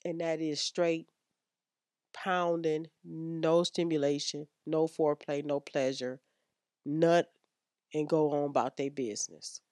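A woman's voice: low voice, fairly even intonation, slow, darkish tone, no room sound, clean studio sound. A woman hosting a frank sex-advice podcast, blunt and slangy as she lectures her listeners. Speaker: podcast host.

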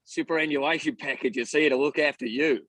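A man's voice: on the high side, fairly even intonation, a little fast, a bit bright, no echo. A man with a Northern English accent playing a pushy male pension salesman, in his own everyday voice. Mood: salesy.

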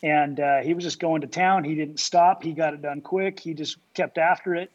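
Male guest, slightly high voice, relaxed and halting, muffled lo-fi sound. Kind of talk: casual chat. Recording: dull lo-fi audio.

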